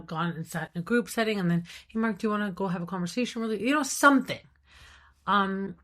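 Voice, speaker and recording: A woman with a thick, raspy voice, hosting a podcast and giving animated, casual commentary on a reality TV show. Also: fairly low pitch. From Iran. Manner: animated, enunciating, quick asides and acted-out quotes. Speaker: podcast host.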